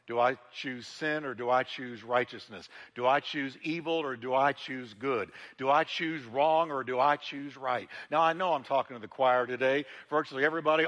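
A male pastor delivers a sermon with a bright, forceful voice pitched a little high for a man. He swings from loud, emphatic lines to hushed, intimate ones and repeats words as he builds. The sound carries the long reverb of a church hall. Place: church sanctuary.

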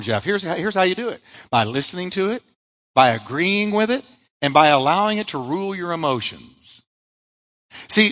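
A man's voice: high voice, pushed and bright, in a large hall, poor audio. A male pastor preaching a sermon, emphatic, asking rhetorical questions and answering them himself.

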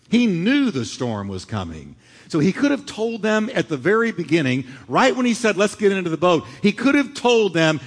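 A middle-aged male pastor preaching a sermon, swinging from loud, dramatic lines to hushed ones. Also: high voice. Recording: long hall reverb.

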